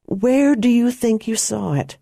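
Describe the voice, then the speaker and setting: A woman voicing an adult woman who speaks urgently but tries to stay calm in an audiobook. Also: a little high, unhurried, gravelly, no room sound, clean studio sound, voice pushed up, heavily acted. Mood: tense. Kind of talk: audiobook character voice.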